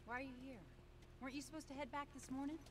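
An actress playing a firm, capable settlement leader in a video game, brisk and commanding yet kind. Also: female voice, sits high, steady tone, background noise, close to an everyday voice.

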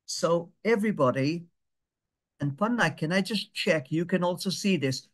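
With an expressive, high-pitched voice, a man walks a video-call group through a digital skills lesson. He takes it step by step, slowly repeating things and confirming that people can follow along.

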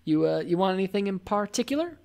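A woman's voice: mid-range voice, very animated, vocal fry, darkish tone. A woman hosting a casual podcast, chatty and prone to laughing. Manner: chatty, slow, laughs often. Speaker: podcast host. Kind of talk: casual chat.

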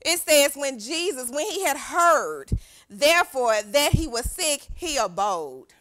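A young woman serving as youth pastor preaches an exuberant sermon, calling out to the congregation and drawing responses. Unhurried, she speaks in a high voice with big pitch swings, pushed and bright.

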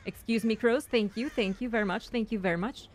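A young woman streamer giving casual, excitable commentary on her own gameplay, chatty and repeating herself as she talks to her teammates. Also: on the high side, a little fast, slight background noise. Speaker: gaming streamer.

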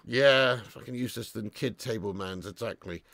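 A man hosts a live football watch-along, cursing freely, shifting between shouts and low mutters, and reading viewer messages aloud. His voice is creaky. The studio-quality recording has no room sound.

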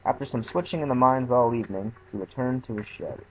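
A man narrating a scripted children's train story in a steady storybook reading. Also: mid-range voice, fast, lo-fi sound, faint music behind.

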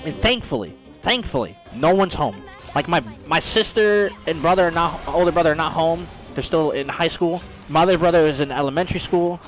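A man's voice: a little high, animated, fairly quick, faint music behind. A man streaming a game while telling a story in casual, profane slang, calling his listeners bro.

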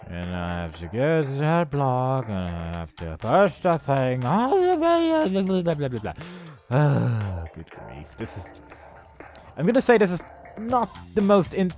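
A man's voice: a little high, darkish tone. A man giving sarcastic let's play commentary, humming and making up silly songs as he plays. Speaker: game commentator. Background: faint game music.

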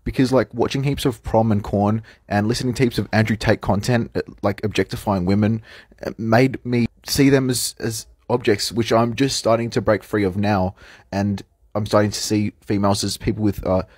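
A man's voice: on the low side, steady tone, moderate pace, a little mellow, dry recording. A young Australian man vlogging casually to camera, rambling and frank, with lots of fillers and restarts. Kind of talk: casual vlog talk to camera.

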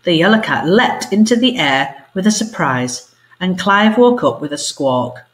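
A woman teacher reading a story aloud to her pupils, expressive and animated. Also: lowish voice, measured pace. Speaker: primary school teacher. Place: home.

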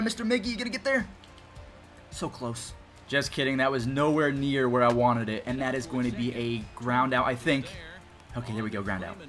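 A young man giving chatty, excitable commentary over his own baseball video game play. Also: high voice. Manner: excitable, chatty, quick reactions. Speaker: gaming YouTuber. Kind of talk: gameplay commentary.

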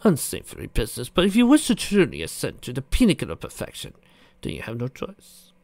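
A man voicing a smug, power-hungry prince, speaking soft and measured, a little below his own pitch. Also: wildly swooping pitch, vocal fry, no echo.

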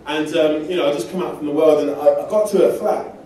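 A man's voice: fairly high pitch, quick pace, mellow, slight background noise. A man from England preaching a sermon, telling personal stories in a conversational way with self-deprecating humor. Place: church hall. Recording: distant mic in an echoey church hall.

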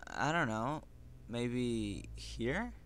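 A man's voice: mid-range voice, animated, drawn-out words, a bit bright, slight background noise, exaggerated voice. A man voicing a scruffy, eager runaway boy who talks in a raised, pleading voice. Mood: curious.

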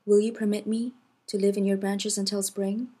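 A woman's voice: mid-range voice, flat delivery, normal speed, dark tone, slightly rough, close to an everyday voice. A woman voicing a small, polite bird with a broken wing, pleading for shelter in a storybook.

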